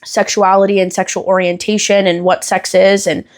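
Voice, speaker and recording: Young woman host spinning a story, lots of swearing and laughs, mid-pitched voice. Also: normal speed. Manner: animated, profane, laughs often. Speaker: podcast host. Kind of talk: casual storytelling chat.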